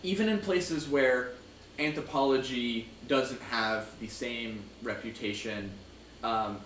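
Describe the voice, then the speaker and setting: A young man hosting a casual stream chat, explaining at length in a halting way, with many fillers and restarts. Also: medium pitch, a bit bright, roomy sound, recorded from a distance, slight background noise, low-quality recording. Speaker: host.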